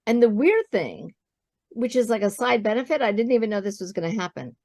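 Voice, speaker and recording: Animated woman telling her business story. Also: fairly high pitch, a little fast, no room sound, clean studio sound. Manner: animated storyteller, acts out quoted dialogue. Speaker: guest, business founder. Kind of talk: storytelling interview talk.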